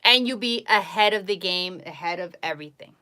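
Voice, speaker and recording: A woman's voice: on the low side, a little fast, bright, forceful tone. A woman talking casually on a live stream, giving blunt, emphatic advice and repeating herself for emphasis. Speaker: psychic livestreamer.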